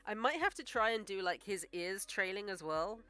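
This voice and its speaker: A woman animator chatting casually on a live stream while she draws, joking and thinking out loud. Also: mid-range voice, expressive, normal speed, clean tone, no echo, faint music behind. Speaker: animator streaming her work.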